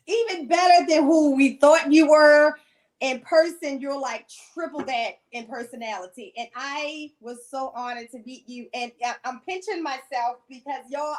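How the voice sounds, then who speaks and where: A woman hosting a casual podcast interview, gushing and excitable as she talks with her guest. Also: sits high. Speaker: podcast host.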